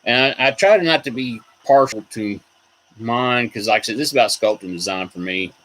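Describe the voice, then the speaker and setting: Man, casual rambling chat, mid pitch, off-the-cuff host. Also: moderate pace, fairly bright tone, slight background noise, low-quality recording. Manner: rambling, reacts to viewer votes. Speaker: toy collector host.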